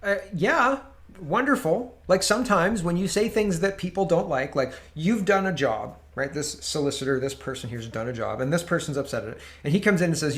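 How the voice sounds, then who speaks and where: A man's voice: a little high, animated, fairly quick, fairly bright tone. A Canadian man hosting political commentary, talking casually and sarcastically while reacting to clips. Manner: sarcastic, mocking voices.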